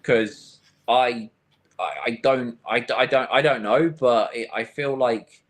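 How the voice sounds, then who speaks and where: Man, podcast co-host, rambling anecdotes, mid-pitched voice, lots of restarts. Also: steady tone, slow pace. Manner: rambling storyteller, restarts, quotes himself. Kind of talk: casual chat.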